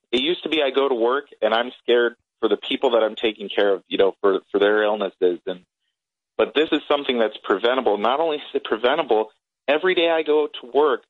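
A man's voice: medium pitch, animated, a little fast, dry recording. A man calling in as a critical care doctor, earnest and emotional. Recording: tinny phone line.

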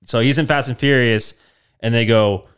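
A man telling a long, rambling comic story in a deadpan tone. He trips over words and fills gaps with likes and ums. His voice is smooth and clear at an ordinary pitch. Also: normal speed. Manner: rambling, deadpan, full of fillers. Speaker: podcast host. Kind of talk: casual comedic storytelling.

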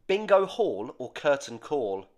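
A man's voice: mid-range voice, a little mellow. A man hosting quiz games on a casual comedy podcast, playful and laughing often. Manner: playful, laughs a lot, quiz-show announcing.

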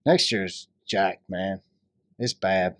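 A man's voice: deep voice, takes it slowly, a bit bright, no echo, clean studio sound. A man co-hosting a podcast, joking and laughing in casual banter. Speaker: podcast co-host.

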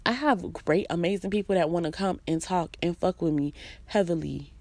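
Woman vlogger, emphatic and profane, in a dark, dry voice. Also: fairly low pitch, moderate pace, no room sound. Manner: emphatic, blunt, profane, repeats phrases for emphasis. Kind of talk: venting personal monologue.

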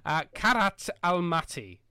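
A man's voice: sits high, big pitch swings, a little slow, sharp tone, smooth, no room sound. Male podcast host, rambling jokey chat, dry room. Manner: jokey and rambling, with many fillers. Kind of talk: casual football chat. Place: home.

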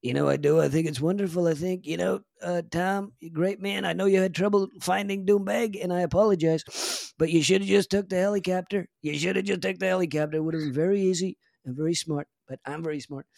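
A man's voice: high-pitched, steady tone, quick pace, creaky, hardly any pauses, a little mellow, no echo, studio quality, pitched above the performer's own voice. An Irish man putting on an impression of a boastful older male politician, pompous and repetitive. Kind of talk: comic impression in a podcast interview.

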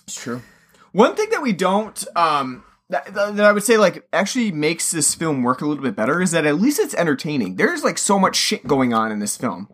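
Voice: medium pitch, sing-song, moderate pace, fairly bright tone. A podcast co-host in a casual movie-review chat, giving blunt, critical opinions.

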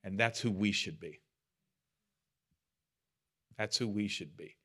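A man with a lowish voice leads a church study group. He talks in a loose, conversational way, earnest and self-deprecating, and now and then drops his voice. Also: slow pace, fairly bright tone. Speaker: bible study leader. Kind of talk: casual teaching talk.

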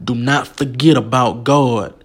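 A man's voice: mid-range voice, fairly even intonation, measured pace. A man preaching a sermon with emotional, emphatic delivery. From United States.

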